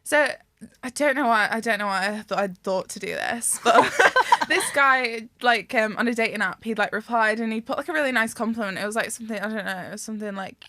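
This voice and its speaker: A woman's voice: on the high side, brisk, pushed and bright, no echo. A woman co-hosting a podcast in casual chat, laughing often and acting out quotes as she tells stories. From England. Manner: giggly, storytelling with acted-out quotes. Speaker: podcast co-host.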